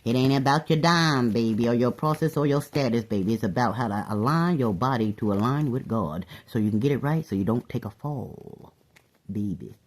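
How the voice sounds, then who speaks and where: A woman giving a casual tarot reading to her viewers, animated, calling everyone "baby" and laughing often. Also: very deep voice, fairly quick, a little hiss or hum. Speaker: tarot reader.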